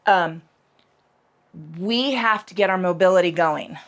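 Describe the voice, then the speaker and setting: A woman's voice: on the low side, a little slow, smooth. A woman leading a casual yoga class, calling out poses and breath cues between profane rants, sometimes dropping to a whisper on a cue. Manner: profane, ranting, cues moves between tangents; cues some moves in a whisper. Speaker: yoga instructor.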